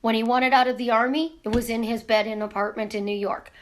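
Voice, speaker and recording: A woman coaching her viewers in a casual live stream, talking with her hands and firing off rhetorical questions. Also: fairly high pitch. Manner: animated, talks with her hands, asks rapid rhetorical questions. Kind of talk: casual teaching monologue. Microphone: camera in front of her.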